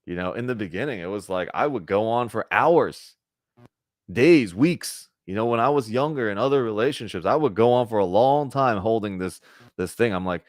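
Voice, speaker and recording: A man's voice: fairly low pitch, animated, normal speed, no echo, studio quality. A man giving a conversational spiritual talk to a group, often checking in with "right?" and acting out little bits of dialogue. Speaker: spiritual teacher.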